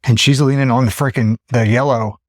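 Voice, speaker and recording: A man's voice: medium pitch, steady tone, fairly quick, no echo, clean studio sound. A man in his fifties, a podcast host telling a story in casual chat and acting out his own thoughts in exclaimed asides. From Pennsylvania. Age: 50s.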